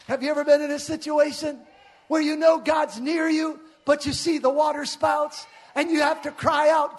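A pastor preaching a sermon to a church, often shouting out with passion. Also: male voice, extremely high pitch, steady tone, moderate pace.

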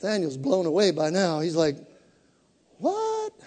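Pastor, male, very high voice, fervent call-and-response sermon, long hall reverb. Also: moderate pace, a little mellow.

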